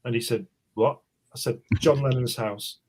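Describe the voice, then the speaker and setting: An Englishman in his sixties spins a loose anecdote. He talks in a halting, rambling way, stops often and circles back over his words. His pitch and pace sit right in the middle. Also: steady tone, darkish tone, breathy edge. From England. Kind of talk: casual storytelling chat.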